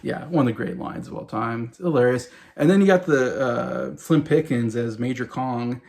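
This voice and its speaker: A movie review vlogger in his forties rambles enthusiastically about a favorite film in a casual, unscripted monologue, gushing and circling back with lots of "you know" and "uh." His mid-range voice is creaky and a little mellow, at a moderate pace.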